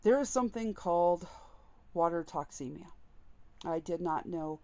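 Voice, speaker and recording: A woman's voice: fairly low pitch, lively intonation, normal speed, warm tone. A woman vlogger speaking candidly and emotionally as she tells a personal story to the camera. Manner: earnest, candid, openly emotional. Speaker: vlogger sharing personal experience.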